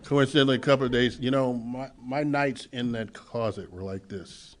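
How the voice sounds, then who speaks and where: A man speaking at a recovery meeting, telling his own story and acting out the dialogue, swinging from hushed to loud. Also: mid-range voice, moderate pace, slight background noise. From Los Angeles. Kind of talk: personal testimony at a meeting.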